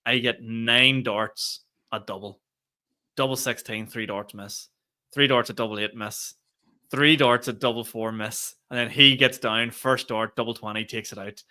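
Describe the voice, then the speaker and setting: A young man with a Northern Irish accent tells a rambling, animated story in a casual podcast chat, swearing freely along the way. His voice is bright and sharp-edged, pitched around the middle for a man. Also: unhurried. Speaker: podcast co-host.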